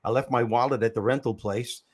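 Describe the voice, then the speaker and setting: A man's voice: mid-range voice, steady tone, a little fast. A man hosting a podcast conversation, telling stories with emphasis. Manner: emphatic storyteller. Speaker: host.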